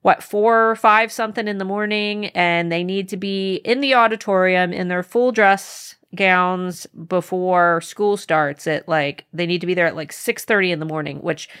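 A woman co-hosting a book podcast in a casual chat, lively and blunt, swearing casually. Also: on the low side, normal speed, few pauses, smooth. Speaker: podcast co-host.

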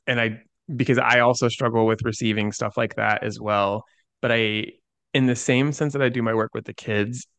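Earnest man with a gravelly voice. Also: lowish voice, fairly bright tone, dry recording. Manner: earnest, many "like" fillers. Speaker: guest. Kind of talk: conversational storytelling.

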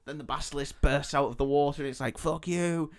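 A man co-hosting a comedy podcast, breezy and profane as he retells a film scene by scene. His voice sits at an everyday middle pitch. He slips into silly voices for the characters and laughs often. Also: flat delivery, fast talker. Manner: sweary, laughing, acts out characters in jokey voices. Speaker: podcast co-host. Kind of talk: casual comedic film recap.

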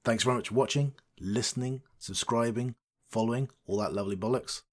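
A man's voice: medium pitch, brisk. A man playing a tabletop game and hosting the show, jokey in manner. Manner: jokey, wraps up the episode. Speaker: player and show host.

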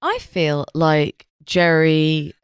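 Wry, low-pitched female podcast co-host. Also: extremely slow, clear, resonant tone, no echo, studio quality. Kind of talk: casual chat.

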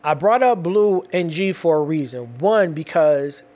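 A man with children telling a personal story in casual, animated, slang-heavy talk, often restarting his sentences. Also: a little high, a little slow. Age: adult with children.

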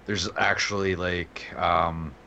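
A man's voice: sits low, level tone, slow, vocal fry, sharp tone, muffled recording, slight background noise. A man co-hosting a casual gaming chat, rambling as he explains things. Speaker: co-host.

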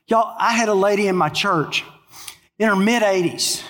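Pastor preaching in a reverberant hall. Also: male voice, moderate pace. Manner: storytelling, drops to a hushed low voice in sad parts. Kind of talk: sermon. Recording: long reverb of a large hall.

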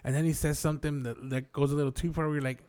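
A man co-hosting a casual chat, relaxed, asking questions and filling his talk with "like". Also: fairly high pitch, racing. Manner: relaxed, asks questions, lots of "like" and restarts. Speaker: podcast co-host.

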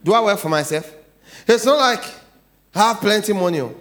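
Middle-aged Ghanaian pastor, lively sermon delivery, light high-set voice. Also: male voice, fairly quick. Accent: Ghanaian English. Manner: animated preaching, swings from low asides to loud declarations.

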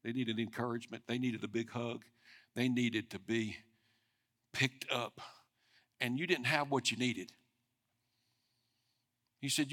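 A man's voice: medium pitch, fairly even intonation, measured pace, long pauses. Man preaching a conversational sermon. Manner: conversational preaching, speeding up and swelling in loudness for emphasis. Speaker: pastor.

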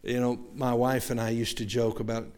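A man's voice: medium pitch, little pitch movement, normal speed, darkish tone, smooth. A man from the American South preaching a sermon to his congregation, with a Southern accent, often restarting words and turning to the listeners with asides. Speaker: pastor.

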